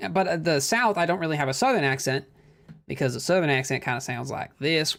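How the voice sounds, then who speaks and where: A man from Minnesota with a Midwestern American accent, co-commentating a disc golf stream in a chatty, quick way that breaks easily into laughter. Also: a little high, animated, fairly bright tone. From Minnesota, USA. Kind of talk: casual live-stream commentary.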